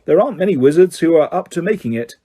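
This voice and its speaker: A kindly, worn-out wizard teacher speaks in a mild, calm way, as a male narrator gives him voice. He sounds unbothered and gentle, in a fantasy audiobook. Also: fairly high pitch, fast talker.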